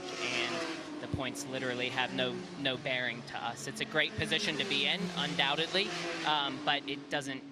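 A man, a race car driver, being interviewed in the pit lane, answering in a halting, stumbling way while he watches telemetry. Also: mid-range voice. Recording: loud race car noise behind. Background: race cars running.

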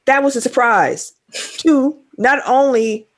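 A man's voice: very high-pitched, takes it slowly, no room sound. A man hosting a casual podcast, giving his opinions with heat and emphasis. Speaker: podcast host.

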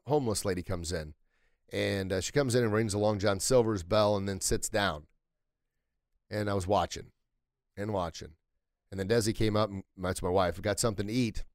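A middle-aged man hosting a motivational podcast, telling everyday stories with energy and building to loud, emphatic peaks. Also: lowish voice, no room sound, studio quality. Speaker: podcast host. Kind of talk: motivational solo podcast talk.

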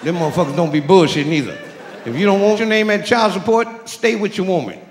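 High-voiced profane stand-up man. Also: fast. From Detroit. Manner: profane, chuckles through his own punchlines. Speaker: stand-up comedian. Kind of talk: stand-up comedy set. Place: comedy club stage. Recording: echoey live club recording with crowd noise. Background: audience laughter and club ambience.

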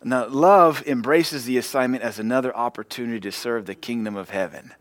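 A male pastor preaching in a folksy, joking way, slipping into little acted quotes. His voice sits at an ordinary middle pitch. The sound is dry and close, with no room echo. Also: brisk. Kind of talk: sermon.

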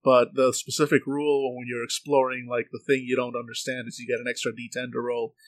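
A man playing a tabletop role-playing game, talking in a relaxed, amused, joking way. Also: mid-range voice, fast. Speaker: player. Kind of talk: casual tabletop game talk.

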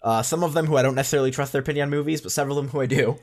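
Blunt opinionated guy on a movie podcast, swears a lot, mid-pitched voice. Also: fairly even intonation, racing, darkish tone. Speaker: podcast co-host. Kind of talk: casual movie discussion.

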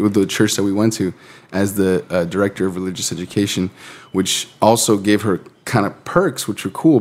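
Co-hosting a podcast, a man in his late twenties talks with a fairly low pitch and a darkish tone. The vibe is relaxed and casual, with plenty of laughter and free swearing.

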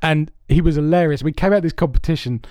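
This is a man, a podcast host, in casual chat. His voice sits a bit high for a man, and he talks in loose, sweary, self-amused tangents. The sound is close and dry, with no room to it. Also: fast talker, darkish tone, no echo.

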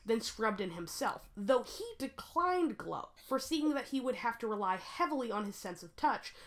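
A woman's voice: fairly high pitch, big pitch swings, moderate pace. A woman hosting a podcast, telling a history story in casual chat and often breaking into laughter. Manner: laughs often, reads history with joking asides. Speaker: podcast host.

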